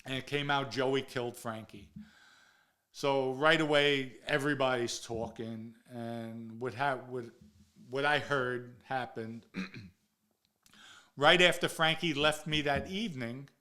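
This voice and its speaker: A man speaks at an everyday pitch. He tells tales from his past in a loose, casual way, with frank swearing. He voices the other people's lines as he goes. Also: slow pace, sharp tone. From New York area. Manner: blunt and profane, acts out quoted dialogue. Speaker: guest recounting his own past. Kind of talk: casual first-person storytelling.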